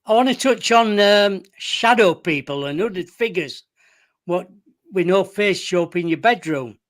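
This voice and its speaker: A man's voice: high-pitched, expressive, measured pace. A man hosting a radio interview, steering the guest to new topics. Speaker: host.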